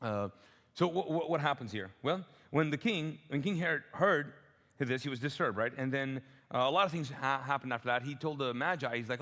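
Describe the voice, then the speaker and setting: A man's voice: mid-range voice, a little fast, bright, forceful tone. A middle-aged man from the Middle East, preaching a sermon as a pastor in a church auditorium, conversational and joking, acting out voices. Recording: long hall reverb.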